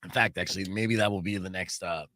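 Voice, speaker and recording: A man's voice: deep voice, quick pace, slight background noise. A man hosting a casual talk radio show, joking around and laughing often. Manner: jokey, animated, laughs often. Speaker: radio and podcast host.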